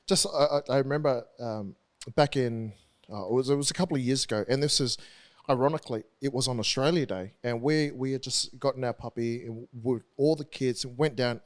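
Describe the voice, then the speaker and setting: A man in his thirties speaks as a podcast guest at a middle pitch. He tells his story earnestly, stopping and restarting his sentences often as he works through it. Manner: earnest, halting with frequent restarts. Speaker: interview guest, rugby league player. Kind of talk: candid podcast conversation.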